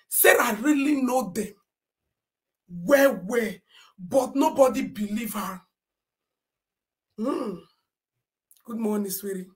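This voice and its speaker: Shouting Nigerian woman ranting on a live stream. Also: fairly high pitch, slow pace, pauses often. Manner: animated and indignant, often shouting and reading comments aloud. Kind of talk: Nigerian Pidgin social media rant.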